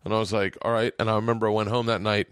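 A middle-aged man hosting a podcast, telling comedy stories in a casual, animated way and acting out other people's voices. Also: fairly low pitch, rapid-fire, clean tone, dry recording, studio quality. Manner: animated, swearing, acts out voices in anecdotes. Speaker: podcast host. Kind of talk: casual chat, storytelling.

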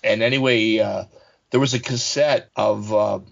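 A man co-hosting a casual podcast chat, an animated, rambling storyteller on a dull, lo-fi recording. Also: on the low side, normal speed, vocal fry. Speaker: podcast co-host. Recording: dull lo-fi sound.

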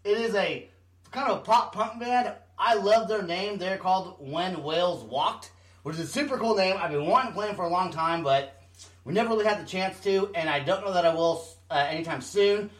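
A man with a high voice hosts a casual podcast, chiming in with quick reactions. He steps in to set up a song he wants to play. The room gives his voice a noticeable echo. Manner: reacts with short exclamations, introduces songs. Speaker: podcast host. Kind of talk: casual chat.

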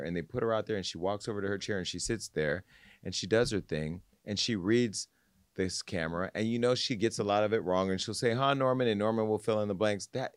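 A man's voice: on the low side, dry recording, clean studio sound. A man hosting a casual gossip podcast, telling stories with animation and acting out what others said. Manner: animated storytelling, acts out quotes. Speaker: podcast host.

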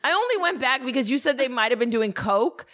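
A woman guesting on a podcast, chatting in quick, animated bursts with many fillers. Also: high voice. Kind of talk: casual chat.

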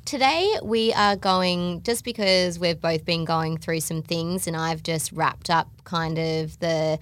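An Australian woman co-hosting a podcast, talking in a chatty, quick way full of "like" and laughs. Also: on the low side. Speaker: podcast co-host. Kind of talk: casual chat.

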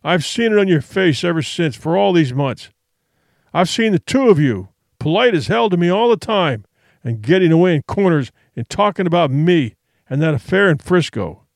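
A man voicing a resentful drunken ship captain who talks in a hoarse, snarling, accusing way. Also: a little high, big pitch swings, moderate pace, no room sound, clean studio sound. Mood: bitter, accusing.

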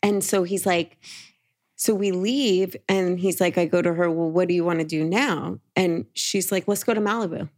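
A podcast co-host with a lowish voice tells a long story in casual chat at normal speed. She is animated and quotes everyone with "he's like" and "she's like".

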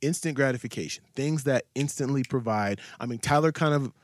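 A male podcast host in loose group talk, getting worked up and tripping over his own phrases. His voice sits at a middle pitch. The room sounds dry and close. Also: a little fast, dry recording. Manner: excitable, stammers and repeats himself, swears. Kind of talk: casual podcast chat.

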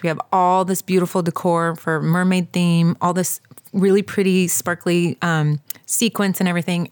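A woman in her thirties, co-hosting a podcast, tells her listeners a story in a lowish, smooth voice. It's a casual storytelling chat, and she puts lots of emphasis into it.

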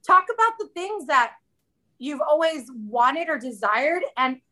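A woman's voice: high voice, very animated, measured pace, sharp tone. A woman in her thirties, a podcast guest in casual chat, candid and chatty, often quoting herself.

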